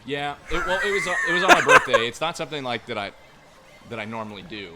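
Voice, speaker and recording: A man's voice: medium pitch, fast. Guy telling an embarrassing story, voice jumping all over, lots of noise and clicks behind. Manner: animated, laughing storyteller. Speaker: podcast co-host. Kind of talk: casual chat. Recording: loud background noise with clicks.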